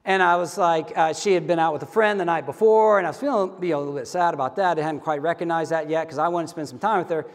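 A man's voice: fairly high pitch, fast, hardly any pauses, long reverb tail. A middle-aged man preaching a sermon as a pastor, in a conversational, candid storytelling manner.

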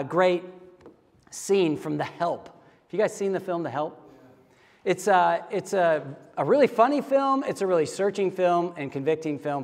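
A pastor from the American South gives a relaxed sermon, telling stories and speaking straight to the people in front of him. His voice sits a little higher than most men's. The sound rings out with a long reverb, as in a church sanctuary. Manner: casual and storytelling, talks directly to the congregation. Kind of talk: conversational sermon.

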